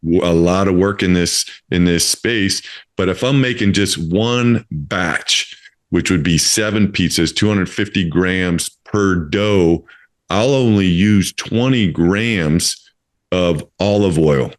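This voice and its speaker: A man in his fifties hosts a relaxed interview with a notably low voice. He rambles, doubles back on his words and fills pauses with uhs and ums as he chats. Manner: rambling, many fillers and restarts. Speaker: podcast host. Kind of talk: casual interview chat.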